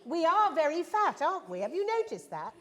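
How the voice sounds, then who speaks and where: A woman's voice: extremely high pitch, very animated, a little fast, background noise. A woman actress chatting with schoolchildren at a school, in a playful, teasing, self-mocking way. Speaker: actress, visiting guest. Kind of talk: casual chat with schoolchildren.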